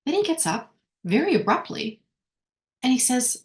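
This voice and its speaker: A woman's voice: high-pitched, sing-song, moderate pace. A woman leading a workshop lesson, talking conversationally, often checking in with "right?" and correcting herself as she goes. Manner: rambling with frequent self-corrections. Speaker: workshop speaker. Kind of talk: informal teaching talk.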